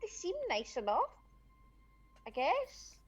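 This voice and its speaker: A woman's voice: high voice, sing-song, takes it slowly. A woman player chatting casually at a tabletop game, giggly and talkative. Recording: dull lo-fi mic with faint music.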